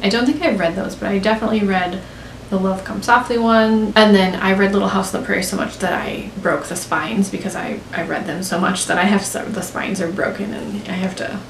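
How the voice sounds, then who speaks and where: A woman's voice: mid-range voice, steady tone, fairly quick. A young American woman chatting in a gushing, talkative way, full of "like", as a beauty vlogger. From United States. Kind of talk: casual chat. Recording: roomy with faint hiss.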